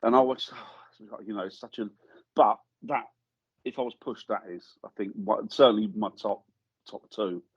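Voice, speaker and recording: A husky-voiced man is a guest in a studio, telling a story in a relaxed, conversational way. He acts out the voices of the people he quotes. The sound is close and dry, with a slightly dull edge. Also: lowish voice, moderate pace, no room sound. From England. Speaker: guest paranormal investigator. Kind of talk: casual storytelling anecdote.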